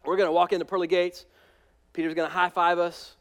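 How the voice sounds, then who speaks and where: High-voiced guy preaching a sermon, gets loud then real quiet, big echoey hall. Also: fairly quick. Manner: animated, swinging from loud emphatic peaks to hushed asides. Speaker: pastor.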